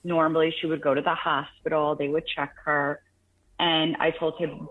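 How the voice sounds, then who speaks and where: Brief: deep-voiced woman caller, earnest and halting, heard over a thin phone line. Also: flat delivery. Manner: earnest, halting storytelling with many restarts. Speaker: caller sharing a caregiving story. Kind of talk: phone-in radio conversation.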